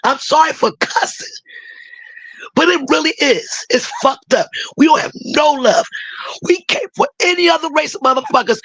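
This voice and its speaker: A hoarse woman with a raspy voice, a caller in a chat room giving an emotional, impassioned opinion and breaking into shouts. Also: high-pitched, lively intonation, normal speed, no echo, rough recording. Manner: emotional, apologetic, bursts into shouting.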